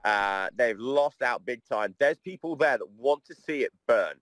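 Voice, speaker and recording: A man speaking in a casual podcast chat, his pitch swinging up and down with a lot of life. He is blunt and swears freely, and his voice sounds dry and close to the mic. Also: lively intonation, a little slow, a bit bright, no echo.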